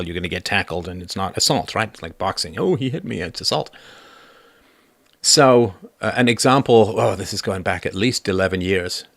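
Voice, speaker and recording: Male host, low-pitched and dry, lively argumentative livestream talk. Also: no room sound. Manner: animated, argumentative, acts out quoted voices. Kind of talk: casual philosophical monologue.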